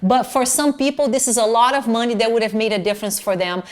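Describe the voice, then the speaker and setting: A middle-aged woman ranting in a casual vlog, animated and indignant, swearing freely as she talks to viewers at home. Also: fairly high pitch, quick pace. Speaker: fashion vlogger.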